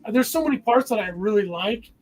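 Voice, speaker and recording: A man's voice: sits high, fast, darkish tone, soft background music, poor audio. A young man chatting enthusiastically as a guest on a casual video-call livestream, rambling with lots of fillers.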